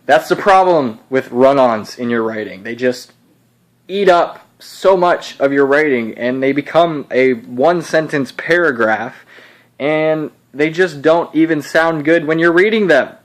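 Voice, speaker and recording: A man's voice: on the high side, unhurried. A young man, a college student, giving casual, earnest and somewhat rambling advice on writing. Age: young adult. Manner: earnest, rambling explainer with restarts. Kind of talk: casual instructional video.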